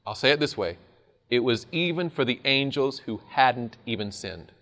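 A man preaching a sermon in an animated, conversational way, often laughing at his own points. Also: medium pitch, moderate pace.

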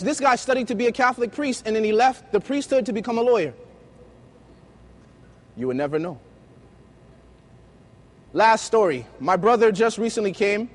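Male preacher, very high voice, lively anecdotal sermon style. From United States. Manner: lively storytelling, acting out dialogue. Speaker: youth preacher. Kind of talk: sermon with personal stories.

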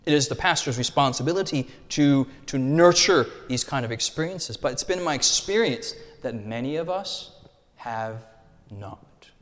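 A young American man preaching a sermon with animated rhetorical contrasts and call-and-response. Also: medium pitch, moderate pace. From United States. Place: church hall. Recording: reverberant hall.

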